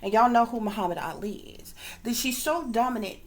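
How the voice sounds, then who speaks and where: A woman's voice: fairly high pitch, a little fast. Rambling, emphatic woman telling a story. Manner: rambling and emphatic, swears freely, talks straight to viewers. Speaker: psychic tarot reader. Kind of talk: casual storytelling monologue to viewers.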